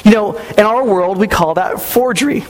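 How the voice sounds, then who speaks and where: Over poor audio, a man in his thirties preaches as a pastor at a normal speed in a high-pitched voice. He talks conversationally, acting out quotes as he tells his stories.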